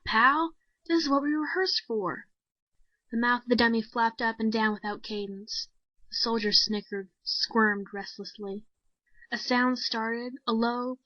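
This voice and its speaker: A woman reads a short story aloud in a measured, steady storytelling voice, pitched somewhat high. The recording is dry and close, with a slightly dull, lo-fi sound. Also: no room sound. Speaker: story reader. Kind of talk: scripted narration.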